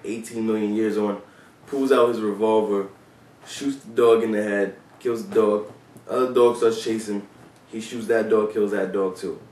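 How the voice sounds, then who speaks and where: Low-voiced man in a roomy, distant recording. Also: darkish tone. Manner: loose and profane, with many fillers. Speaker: former police officer telling stories. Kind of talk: casual storytelling vlog. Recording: roomy sound from away from the mic.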